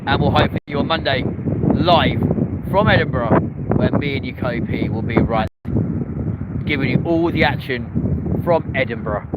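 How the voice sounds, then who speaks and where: Beside an airport runway, a man hosts an outdoor live stream, cheerily chatting and reading viewers' comments in casual British slang. His mid-range voice moves at normal speed with frequent pauses, on a muffled recording full of loud wind and passing traffic.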